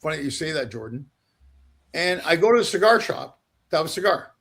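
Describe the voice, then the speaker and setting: Gravelly high-voiced Canadian comic storyteller. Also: male voice, brisk. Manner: animated, profane anecdotes with acted-out voices. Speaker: guest comedian. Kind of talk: storytelling podcast chat.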